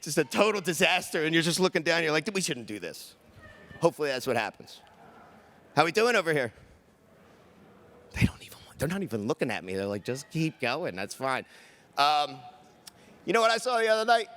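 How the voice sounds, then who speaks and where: A man works a conference crowd in a stand-up set, his voice bright and forceful. He sits a little high for a man, chatty and loose, slipping into quick quoted voices as he riffs. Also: very animated. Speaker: stand-up comedian. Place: conference stage.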